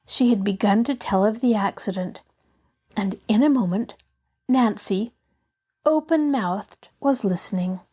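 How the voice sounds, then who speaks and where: A woman hosting a podcast and narrating a classic children's novel in a clear, even storytelling manner. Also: mid-range voice, a little slow. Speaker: host and narrator. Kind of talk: audiobook narration.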